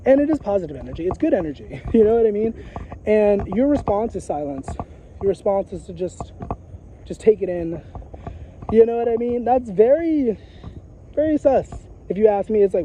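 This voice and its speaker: A man's voice: high-pitched, animated, a little fast, warm tone, slight background noise, poor audio. A man talking in a casual, rambling monologue, emphatic and profane, circling back with repeated filler phrases. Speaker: psychic vlogger. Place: outdoors in a graveyard.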